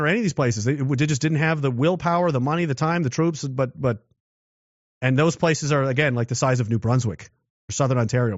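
This man speaks in a mid-range voice, captured in a dull, lo-fi, dry recording. He's a political commentator delivering an offhand, meandering monologue full of false starts and rhetorical questions.

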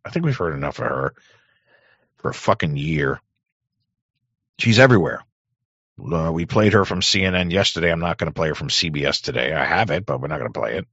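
A man hosting a talk show, rambling in crude, sarcastic casual commentary with a hoarse voice. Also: low voice, expressive, brisk, long pauses, a bit bright, dry recording, lo-fi sound. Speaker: podcast host.

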